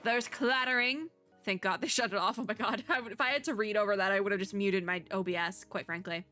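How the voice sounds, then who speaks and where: Soft music plays as a young woman VTuber chats and laughs her way through a game, voicing its lines and making self-deprecating jokes. Her medium-pitched voice is steady, fast and slightly bright.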